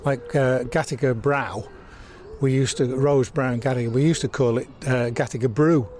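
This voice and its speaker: Older man recalling, halting and repetitive. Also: mid-range voice, steady tone, a little mellow. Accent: mild Southwest Lancashire. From England. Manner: halting, repeats words while recalling. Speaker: interviewee. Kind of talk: reminiscing in casual conversation. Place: outdoors by a church in a town.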